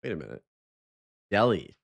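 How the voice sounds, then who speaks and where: A man's voice: lowish voice, sing-song, normal speed, creaky. A man hosting a live stream, chatting casually, greeting viewers and joking.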